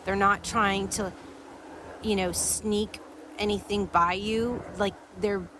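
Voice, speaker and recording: There's background noise behind this woman, a podcast host of medium pitch who speaks slowly. She narrates a story for listeners with animation, voicing the dialogue of each person in it.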